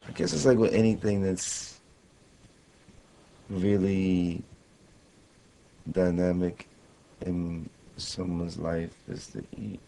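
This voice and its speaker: A man in his thirties, a guest on a radio interview, talking in a reflective, halting way with many fillers. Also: low voice, fairly even intonation, gravelly, warm tone, slight background noise, low-quality recording. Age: 30s. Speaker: guest musician. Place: radio studio.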